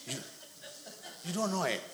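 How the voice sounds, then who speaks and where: A man putting on a shrill scolding wife. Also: very animated, unhurried, fairly bright tone, exaggerated voice. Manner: high-pitched, mocking, laughing. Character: scolding wife, sharp and dismissive. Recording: echoey hall, faint noise.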